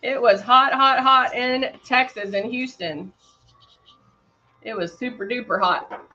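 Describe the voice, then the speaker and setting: A woman's voice: on the high side, takes it slowly, bright, forceful tone, highs cut off, faint music behind. A woman casually demonstrating airbrush makeup on a livestream, greeting viewers by name while she works. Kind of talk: casual live makeup demo chatting with viewers.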